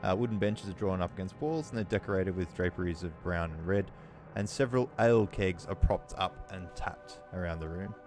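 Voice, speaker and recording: Lowish guy dm-ing, slow and descriptive, lots of ums, music playing behind. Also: darkish tone. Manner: unhurried, descriptive, with frequent ums. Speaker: dungeon master. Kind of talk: narrating a tabletop game.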